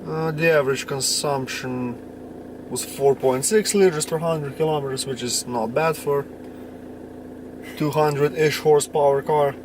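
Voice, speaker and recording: A man's voice: on the high side, measured pace, recorded from a distance. A man chatting casually on a road trip, joking while reading out fuel numbers. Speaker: vlogger. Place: inside a moving car. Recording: car noise, voice from off-mic.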